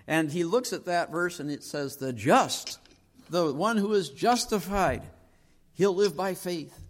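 A man delivers a sermon as pastor, his voice sitting a little high for a man. He talks in a measured way and slows down to drive each quoted verse home. His words trail off into a long reverb, as if he is heard in a church sanctuary. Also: fairly bright tone. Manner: measured preaching with slow emphatic quoting of verses.

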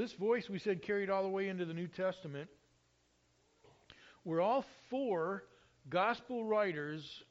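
High-voiced preacher on a dull recording. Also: male voice. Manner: expressive, rises loudly when quoting scripture. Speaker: pastor. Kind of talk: sermon.

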